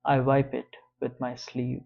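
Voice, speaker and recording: Male audiobook narrator, slow deliberate first-person read, slightly muffled audio. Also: mid-range voice, completely flat delivery, creaky.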